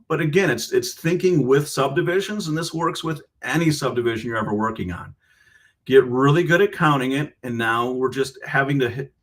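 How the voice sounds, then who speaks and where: A guitar teacher explains rhythm, counting subdivisions aloud and checking in with the listener as he demonstrates the lesson. His voice is medium-pitched and a bit bright, with guitar playing in the background.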